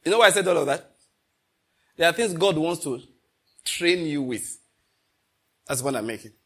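A middle-aged Nigerian man preaching a sermon, telling stories and slipping into pidgin, moving between loud and hushed delivery. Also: a little high, expressive, moderate pace, breathy edge. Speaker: pastor. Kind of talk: sermon with storytelling.

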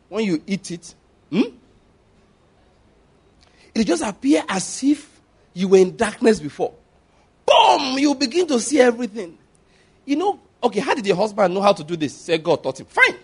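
A male preacher, animated and full of storytelling as he acts out scenes. His voice sits high for a man and leaps up and down. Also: moderate pace, pauses often, slightly rough. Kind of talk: sermon.

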